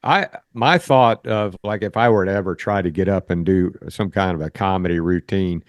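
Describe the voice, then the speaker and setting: A man's voice: low voice, normal speed, dry recording, studio quality. A man hosting a casual interview, laughing easily and asking loose, rambling questions. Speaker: podcast host.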